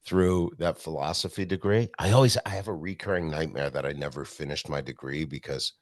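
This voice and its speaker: Deep-voiced man telling profane stories. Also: brisk, no room sound, studio quality. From Canada. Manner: profane, animated anecdotes with quoted voices. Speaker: stand-up comedian guest. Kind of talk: casual storytelling interview.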